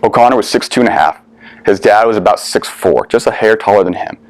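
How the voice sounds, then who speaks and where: Earnest young male veteran, lowish voice. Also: fast, no room sound. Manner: earnest, candid, casual swearing, emotional swings. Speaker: veteran speaker. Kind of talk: personal storytelling talk.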